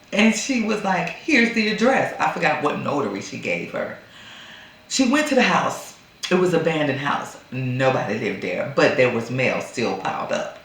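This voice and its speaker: A woman retelling a movie plot in a casual, animated way, acting out the characters' lines. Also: lowish voice, moderate pace. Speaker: movie reviewer. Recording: very echoey room.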